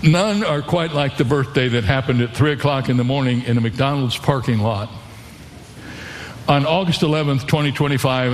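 A man preaching as a radio pastor, earnest and steady, with a chuckle now and then. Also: mid-range voice, big-room sound, a little hiss or hum. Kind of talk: radio sermon.

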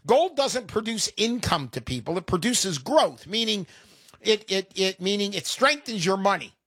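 A man's voice: high-pitched, expressive, normal speed, fairly bright tone, slightly rough, dry recording, clean studio sound. A man in his fifties hosting a call-in radio show, chatty and openly emotional.

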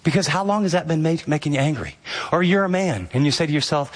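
A male pastor preaching a sermon in an animated way, building to emphatic peaks and dropping soft for quoted lines. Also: a little high, quick pace.

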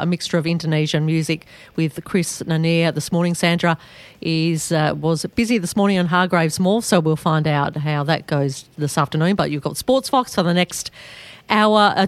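A woman's voice: lowish voice, no echo. A woman with an Australian accent hosting a community radio sports show, talking in a chatty way with frequent fillers and restarts.

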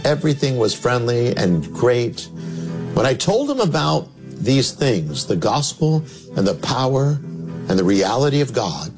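A man's voice: sing-song, unhurried. Dramatic male preacher telling a story. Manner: dramatic storyteller, sudden drops to low emphatic tones. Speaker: minister. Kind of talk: storytelling sermon. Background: music.

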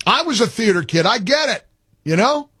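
A man's voice: high-pitched, very animated, moderate pace, pushed and bright, slightly rough, no echo. A man hosting a call-in talk radio show, delivering an emphatic monologue and repeating phrases as he builds his point. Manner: emphatic, repeats himself when worked up.

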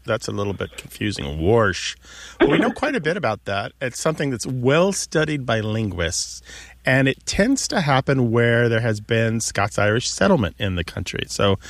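A man's voice: mid-range voice, very animated, moderate pace, vocal fry, no echo. A man co-hosting a radio talk show, patiently explaining how words are used. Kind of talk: casual explanatory radio chat. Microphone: studio microphone.

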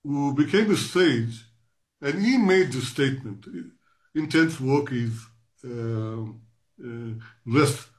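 Halting, reflective man in his sixties. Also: mid-range voice, expressive. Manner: halting, many fillers and restarts, reflective. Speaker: guest, professor. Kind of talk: interview answer.

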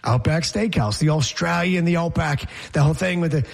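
A man co-hosting a casual talk show, telling jokey stories with a husky voice. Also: fairly high pitch, fairly quick. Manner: joking, storytelling. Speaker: co-host. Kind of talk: casual banter.

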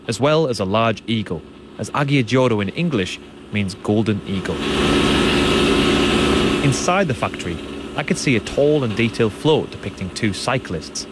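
A man presenting a radio documentary, narrating and describing what he sees in a calm, descriptive way. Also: on the low side, noisy background. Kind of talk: documentary narration and on-site reporting.

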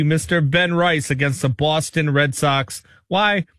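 Playful producer guy, kinda high voice, dry close mic. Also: fairly even intonation, measured pace, a bit bright, no room sound. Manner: playful, hyped, bouncy. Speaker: show producer. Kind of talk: casual sports talk.

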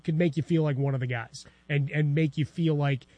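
Laid-back guy chatting sports, slightly high voice, dry close sound. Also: fairly even intonation, a little fast, warm tone, no room sound. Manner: easygoing, conversational, chiming in. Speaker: co-host. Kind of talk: casual sports talk.

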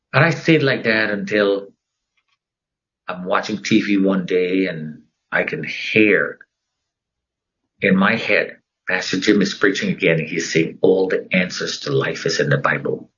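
Husky-voiced man telling a dramatic story. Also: deep voice, fairly bright tone. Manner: dramatic, acts out the voices of others in his story. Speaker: interview guest. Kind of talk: personal testimony storytelling. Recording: muffled lo-fi recording.

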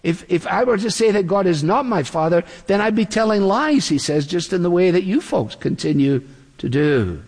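Preacher man with a high-ish voice. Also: big pitch swings, darkish tone, big-room sound. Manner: earnest expository preaching, slowing for quoted lines. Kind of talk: sermon.

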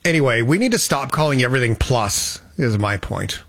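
A man's voice: medium pitch, expressive, normal speed, gravelly, fairly bright tone, no room sound. A man hosting a casual chat, making wry joking asides. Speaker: host.

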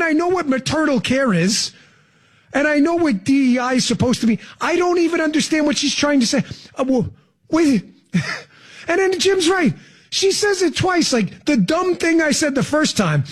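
A man's voice: very high voice, animated, moderate pace. A man hosting political talk radio, sarcastic and emphatic, mocking what he hears. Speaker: radio talk show host.

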